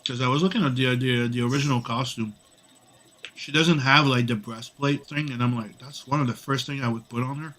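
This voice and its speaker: A man's voice: mid-range voice, fairly even intonation, brisk, a bit bright. A man with a cold, hosting a drawing stream in casual chat and swearing now and then. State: sick with a cough. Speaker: comic artist streaming.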